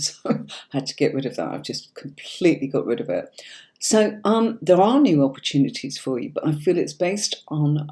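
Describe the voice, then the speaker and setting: Mellow-voiced British woman reading tarot live. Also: low-pitched. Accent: neutral standard British. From Yorkshire, England. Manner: chatty and reassuring, often checking in with "okay?". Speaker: tarot reader and livestream host.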